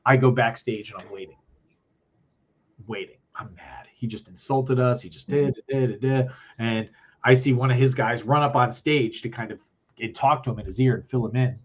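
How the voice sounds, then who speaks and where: A man's voice: medium pitch, moderate pace, slight background noise. Profane storytelling man, dull lo-fi sound. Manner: profane, animated, acts out quotes. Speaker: podcast guest, festival organizer. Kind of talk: casual storytelling.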